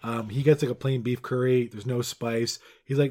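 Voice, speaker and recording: A middle-aged man co-hosting a podcast, telling long rambling stories in casual chat that trail off quietly and then pick up again. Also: medium pitch, steady tone, moderate pace. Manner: rambling storyteller, drifts quiet then loud. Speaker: podcast co-host.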